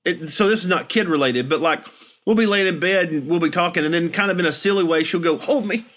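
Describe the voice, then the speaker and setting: A man's voice: fairly high pitch, quick pace, a bit bright. Reflective man telling family stories. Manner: reflective, storytelling with acted-out quotes. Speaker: podcast host. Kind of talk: casual chat.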